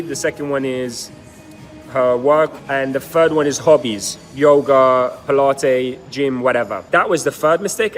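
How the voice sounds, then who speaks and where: A man coaching on dating, explaining approach mistakes and acting out sample pickup lines. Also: a little high. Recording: long reverb with faint music.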